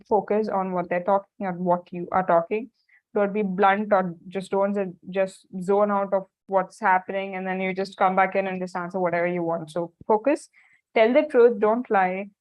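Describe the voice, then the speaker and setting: A woman presenting a career workshop, talking informally with many fillers, restarts and repeated phrases. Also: mid-range voice. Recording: muffled lo-fi recording.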